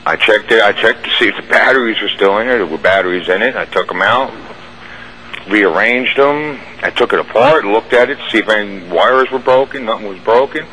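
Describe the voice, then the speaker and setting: Man, fairly low pitch, bright forceful tone, rambling storyteller, radio guest. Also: brisk, a little hiss or hum, poor audio. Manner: rambling, vivid storytelling with restarts. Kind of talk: recounting a personal experience.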